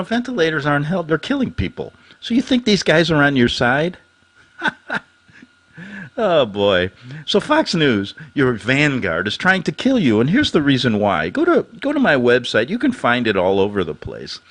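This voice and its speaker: A man hosting his own talk show, ranting with a lively, swooping pitch. He is sarcastic and jumps from loud outbursts to low mutters. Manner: animated, sarcastic, quick swings between shouting and muttering. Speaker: host.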